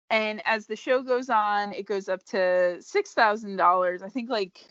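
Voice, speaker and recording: A woman co-hosting a podcast, casually retelling a show's episode with animated energy and frequent laughs. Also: mid-range voice, slow, few pauses, smooth, no echo. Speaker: podcast co-host. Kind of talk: casual chat recapping a show. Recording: dry, dull lo-fi podcast audio.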